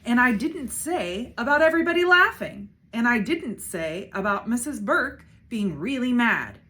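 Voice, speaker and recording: A woman voicing an excitable little girl who squeals and shouts in a storybook read-aloud. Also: on the high side, measured pace, voice pushed up, full character voice. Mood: squealing.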